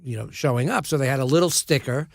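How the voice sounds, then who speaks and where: A man in his seventies, an actor and podcast guest, telling wry, self-deprecating stories in a relaxed way, often restarting his sentences. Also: medium pitch, fast, creaky, no room sound, clean studio sound. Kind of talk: casual anecdotal storytelling.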